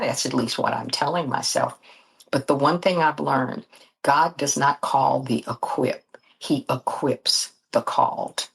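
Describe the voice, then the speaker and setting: Middle-aged woman, very low gravelly voice, earnest faith talk. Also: a little slow, low-quality recording. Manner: earnest, faith-filled storytelling. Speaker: guest, disability advocate and author. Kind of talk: candid interview talk.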